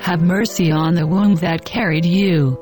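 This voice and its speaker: Narrator doing a desperate weeping mother, slow and low, faint music. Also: fairly even intonation, a little mellow, lightly acted. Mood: imploring. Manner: wailing, imploring.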